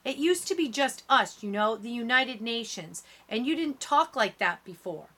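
A woman voicing a serious, earnest junior-high girl. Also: lively intonation, normal speed, a bit bright.

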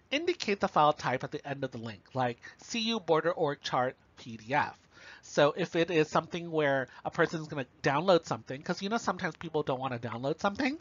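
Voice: mid-range voice, a bit bright, no echo. A university lecturer giving a recorded instructional lecture in a casual, explanatory way, often checking in with listeners. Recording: dull, slightly lo-fi dry recording.

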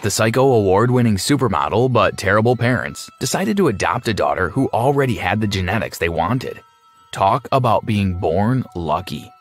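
A man narrating a scripted animated story in a wry, sardonic way. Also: on the low side, moderate pace. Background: faint music.

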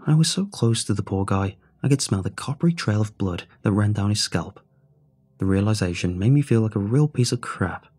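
Man, low husky voice, mellow tone, horror narration. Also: animated, fairly quick. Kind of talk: scripted horror story narration.

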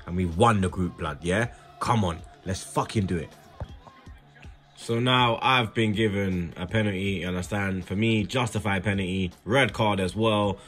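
Slangy man commentating a football game. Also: lowish voice. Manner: slangy, excitable running commentary. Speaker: gaming YouTuber. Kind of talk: casual gaming commentary.

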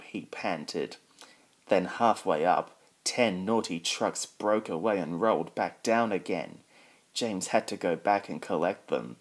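A man with a very low voice reads a children's storybook aloud at an unhurried pace. He voices every character himself without changing his voice much.

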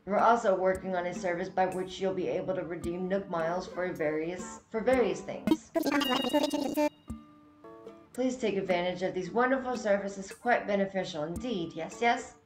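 A woman reading out a chatty male raccoon shopkeeper who tags his lines with "yes, yes?", in a roomy space with loud game music. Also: on the low side, normal speed, natural voice. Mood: chipper. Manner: formal sales talk with "yes, yes?" tag. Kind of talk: reading game dialogue aloud.

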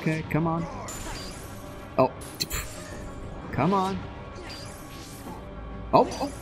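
A man commentating a video game casually, excitable, swearing and tripping over his words. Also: a little high, drawn-out words. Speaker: let's play commentator. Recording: background game music.

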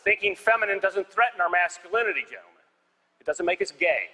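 High-pitched and sharp, a man races through a stand-up set at a theater, spinning stories with dry, punchy one-liners. You can hear the live hall's reverb along with the audience.

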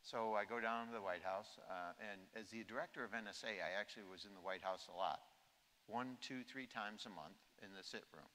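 A man's voice: fairly low pitch, brisk, bright, forceful tone, a little hiss or hum. A man in his sixties giving an anecdotal keynote speech at a conference, telling humorous stories and acting out quotes. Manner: humorous storytelling, acts out quotes. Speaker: keynote speaker. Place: large conference hall. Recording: echoey hall.

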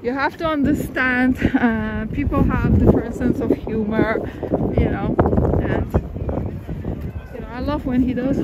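A woman's voice: fairly high pitch, measured pace, highs cut off. A woman chatting casually on a live stream as she walks a busy city street, giggling often, on a handheld phone. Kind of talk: casual walking livestream. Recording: loud street noise outdoors.

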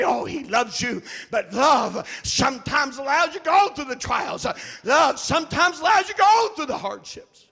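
Preacher, man, high ringing voice, shouting with rhythmic "uh" breaks. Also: expressive, normal speed, gravelly, few pauses. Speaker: pastor. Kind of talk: sermon. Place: church.

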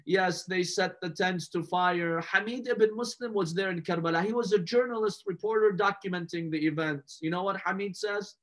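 A man delivers a mourning sermon in a fairly high voice. He tells the story with slow, deliberate emphasis and rising passion. He keeps turning to his listeners with direct rhetorical questions. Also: a bit bright. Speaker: religious lecturer.

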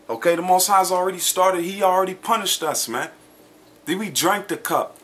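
Reading scripture aloud in an emphatic sermon, this high-pitched, slightly bright-voiced man keeps checking in with "okay?" and "man," slowing down whenever he wants to stress a word.

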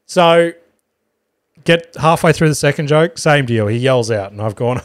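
A man's voice: on the high side, lively intonation, measured pace, dry recording, clean studio sound. An Australian man, a podcast host and comedian, telling a rambling story in casual talk, swearing freely and correcting himself as he goes.

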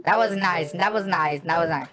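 A middle-aged woman hosting a casual game stream, chatting in a halting way with many fillers and repeated phrases. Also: fairly low pitch, a crowd in the background. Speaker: streamer host. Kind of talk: casual gameplay stream chat.

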